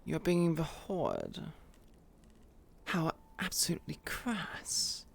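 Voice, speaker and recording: A woman voicing a haughty, posh English lady innkeeper, speaking in a prim, affected, drawn-out manner. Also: fairly low pitch, expressive, gravelly, darkish tone, heavily acted.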